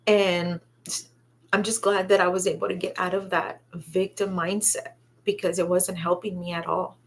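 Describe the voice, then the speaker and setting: A woman telling a personal story, halting and reflective, with many pauses and fillers. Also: fairly low pitch, little pitch movement, slight background noise. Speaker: vlogger sharing her own story.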